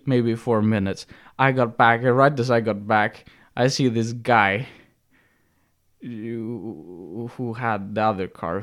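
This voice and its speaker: A man's voice: on the low side, fairly bright tone. A man co-hosting a podcast, telling a story in casual chat with many restarts and fillers. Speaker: podcast co-host.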